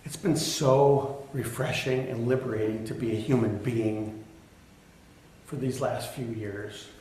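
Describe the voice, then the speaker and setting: A man's voice: medium pitch, steady tone, a little slow, darkish tone. A middle-aged male pastor giving a sermon, telling a personal story candidly with self-deprecating humor. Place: church sanctuary. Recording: echoey church with faint ambient noise.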